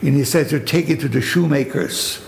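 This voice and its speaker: A man's voice: a little high, normal speed. An older man from Germany with a German accent, telling his survival story in a spoken testimony with vivid storytelling and rhetorical questions. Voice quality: gravelly. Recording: echoey hall with faint noise.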